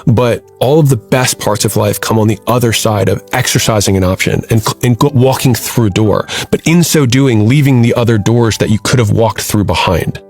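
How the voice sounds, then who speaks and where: A man talking reflectively on a podcast, thinking aloud in a measured way with some repetition. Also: lowish voice, a little mellow, soft background music. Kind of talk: reflective conversational talk.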